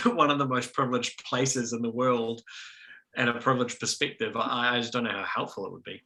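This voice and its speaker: Young New Zealand man, indie filmmaker guest, bright forward tone, rambly casual talk full of fillers. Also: medium pitch, fairly even intonation, fairly quick, rough recording. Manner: chatty, self-deprecating, many fillers. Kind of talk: casual video-call discussion.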